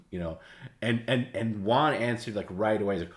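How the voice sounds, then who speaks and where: A man with a very low, deep voice hosts a livestream and tells stories in a loose, casual way. He rambles, stops and starts, and repeats his words as he goes. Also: normal speed, pauses often. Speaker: livestream host. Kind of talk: casual storytelling.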